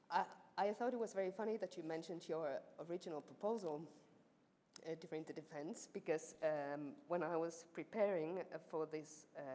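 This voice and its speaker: A woman's voice: lowish voice, mellow. A woman supervisor giving a ceremonial laudatio, chatty and teasing inside a formal speech, with many fillers. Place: university ceremony hall. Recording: echoey hall, faint background noise.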